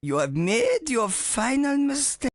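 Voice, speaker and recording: A melodramatic pig soldier. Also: female voice, high-pitched, big pitch swings, measured pace, dry recording, clean studio sound. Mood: stern. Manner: theatrical, self-pitying outbursts. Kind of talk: video game voice lines.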